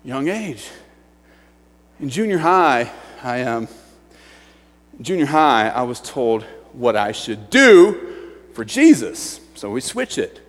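A youth pastor preaching a sermon, telling stories with animated swings from shouts to hushed words. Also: male voice, mid-range voice, slow, pauses often, big-room sound. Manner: animated storytelling, bursts of shouting, then hushed. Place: church sanctuary.

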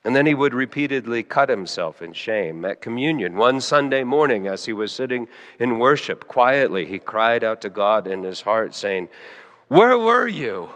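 A man preaching a sermon, dropping to hushed, quiet lines and then rising sharply into loud, high emphasis. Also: moderate pace, hardly any pauses, big-room sound, dull audio. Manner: emotional, swings between soft hushed lines and sudden loud high emphasis. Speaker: pastor.

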